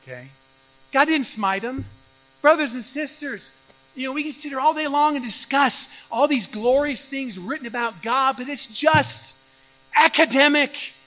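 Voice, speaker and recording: A male pastor preaching an expository sermon, animated, acting out the voices of doubters with sudden jumps in pitch and loudness. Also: a little slow, low-quality recording.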